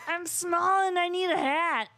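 A woman's voice: very high-pitched, unhurried, bright, forceful tone, voice pushed up, exaggerated voice. A woman doing an impression of a small man comedian with a weird, strained, yelping voice who wants a hat. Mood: frantic.

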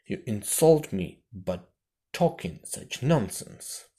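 A man reading aloud and voicing a proud, easily offended little male mouse in a sharp, indignant way. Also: on the low side, big pitch swings, slow.

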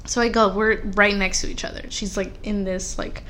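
A young woman co-hosting a podcast in casual chat, telling animated, rambling stories full of fillers. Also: mid-range voice, normal speed, a little hiss or hum. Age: young adult. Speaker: podcast co-host.

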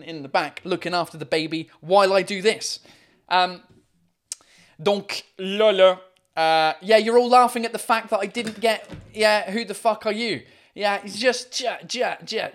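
A man's voice: sits high, fairly bright tone. A man hosting a casual livestream from home, reading out viewer comments in a rambling way, with lots of fillers and swearing. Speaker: livestream host.

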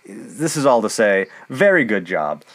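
A man's voice: fairly low pitch, big pitch swings, unhurried, a bit bright. Blunt, joking young man co-host. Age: young adult. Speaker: podcast co-host and editor. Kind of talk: casual chat.

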